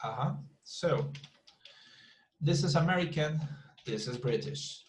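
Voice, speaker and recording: A man with a slightly high voice runs an online English lesson over a computer mic on a video call. He talks in a loose, repetitive way, circling back to the same point. He often turns to his students with quick questions. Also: animated, low-quality recording. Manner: chatty, repetitive, asks the class frequent questions. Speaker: English teacher. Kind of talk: online class teaching.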